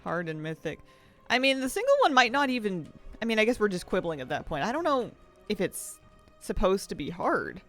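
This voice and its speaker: A game streamer talking casually from a home office, chatty and rambling and quick to laugh. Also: mid-range voice, big pitch swings, a bit bright, faint music behind. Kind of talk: casual chat while streaming a video game.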